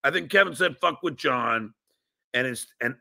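A middle-aged man hosting a podcast, profane and combative as he rants about a rival. His voice is gravelly and bright, and his pitch swings widely. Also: lively intonation, moderate pace. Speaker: podcast host. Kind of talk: casual podcast chat.

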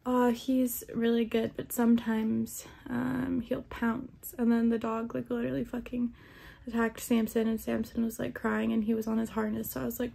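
A woman's voice: fairly high pitch, vocal fry, mellow. A young woman vlogging casually, rambling with lots of "like" and "um", sounding shaken and upset. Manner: rambling, many fillers like "like" and "um". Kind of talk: casual vlog talk.

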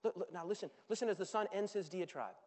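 A man preaching a sermon in a large auditorium, with animated, dramatic storytelling. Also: sits high, fast talker. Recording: long reverb of a large hall.

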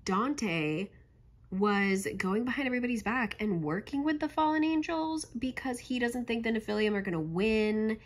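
A woman's voice: on the high side, expressive, moderate pace. Chatty sarcastic woman recapping a book. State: voice going hoarse. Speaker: book reviewer.

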